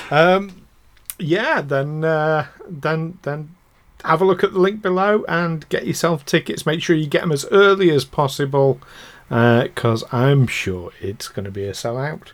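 A man's voice: on the high side, a little slow. A man hosting a podcast in casual chat, friendly and rambling, often laughing at himself. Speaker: podcast host.

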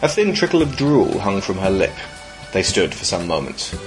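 A man reading his own comic short story aloud in a dry, deadpan way on a podcast. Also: deep voice, moderate pace, soft background music, rough recording.

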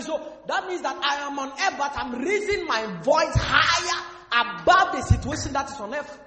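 A male pastor preaching a sermon, asking the congregation questions and breaking into sudden shouts. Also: very high voice. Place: church hall. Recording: echoey hall with faint music.

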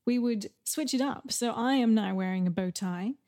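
A woman's voice: a little high, normal speed, warm tone. A woman co-hosting a podcast, chatting casually with brief, dry remarks. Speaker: podcast co-host.

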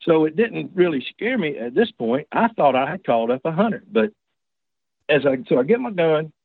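Man, folksy rambling storyteller, somewhat high voice, tinny phone line. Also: sing-song, moderate pace, no room sound. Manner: rambling, folksy, with many restarts. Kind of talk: casual first-person storytelling.

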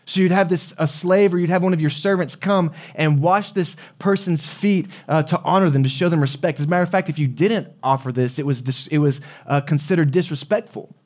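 A male pastor with a fairly high voice preaches a sermon in a relaxed, conversational style, speaking fairly quickly with hardly any pauses and frequently putting questions to the congregation.

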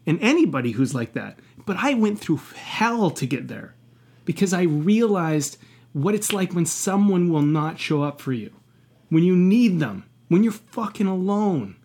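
A man's voice: high-pitched, big pitch swings, measured pace, a little mellow, husky. A man talking candidly in a podcast conversation, passionate and emphatic, swearing often and reflecting earnestly on his own past.

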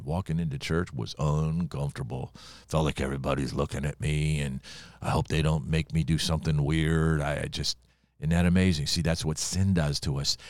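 A man's voice: a bass voice, darkish tone, dry recording, studio quality. An older man, a pastor, teaching the Bible on a podcast in a folksy, conversational way, full of personal stories. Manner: folksy, storytelling preacher with personal anecdotes.

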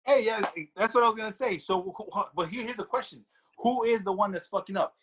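A man on a talk show rambling through profane stories with quick laughs. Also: high voice, fairly bright tone, slight background noise. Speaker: podcast co-host. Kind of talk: crude casual chat.

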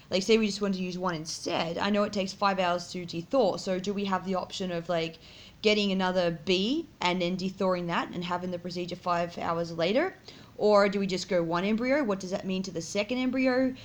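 A woman with an Australian accent co-hosting a podcast, talking in an expressive, joking way. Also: medium pitch. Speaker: podcast co-host. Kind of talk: casual chat.

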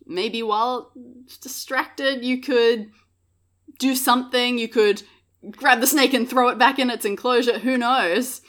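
A woman's voice: fairly high pitch, steady tone, a little slow, a bit bright. A woman narrating a tabletop game as game master, playful and often laughing.

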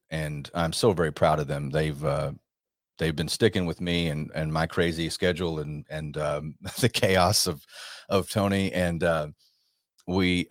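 A man's voice: a bass voice, no echo, clean studio sound. A man hosting a radio show, giving emphatic, rambling commentary with frequent restarts. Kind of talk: monologue commentary.

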